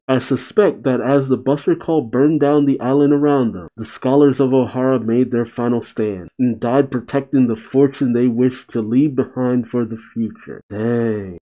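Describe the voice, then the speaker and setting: A man reading a comic chapter aloud and reacting to it, animated and close to tears at times. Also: medium pitch, narrow, tinny audio. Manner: excitable, reads aloud then comments, chokes up. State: emotional, tearing up. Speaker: reaction video host.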